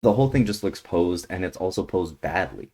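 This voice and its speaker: Profane, ranting man with a lowish voice. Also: lively intonation, brisk, over music. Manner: profane, heated, blunt. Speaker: YouTuber reacting to a movie trailer. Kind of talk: ranting trailer reaction.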